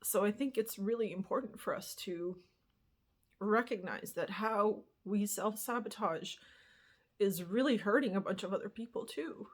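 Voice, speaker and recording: A woman's voice: mid-range voice, normal speed. A young woman vlogger talking candidly and at length in a personal monologue, rambling and swearing casually as she reflects. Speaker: spiritual vlogger.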